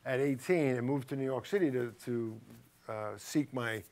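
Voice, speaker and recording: A middle-aged man from Somerville, Massachusetts, appears as a guest actor on a casual talk show, telling stories. His voice sits at medium pitch with a moderate pace, and he's an animated storyteller who mimics voices in his anecdotes.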